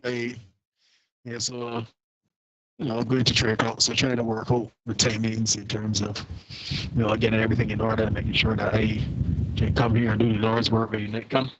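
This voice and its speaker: A man's voice: lowish voice, completely flat delivery, moderate pace, a bit bright, muffled recording. A man co-hosting a podcast, chatting casually in a laid-back, rambling way. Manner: laid-back, rambling, with many fillers and restarts. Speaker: podcast co-host. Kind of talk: casual chat.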